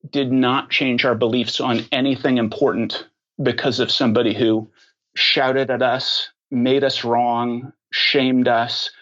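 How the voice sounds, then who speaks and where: A man answering questions as a podcast guest, talking thoughtfully and pausing often with ums and restarts. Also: medium pitch, a bit bright, lo-fi sound. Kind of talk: conversational interview answers.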